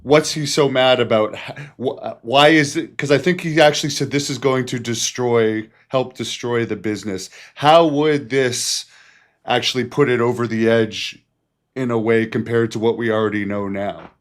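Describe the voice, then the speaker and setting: Male interviewer, mid-pitch, halting delivery while setting up questions. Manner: halting, repeats words while framing questions. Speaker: podcast host.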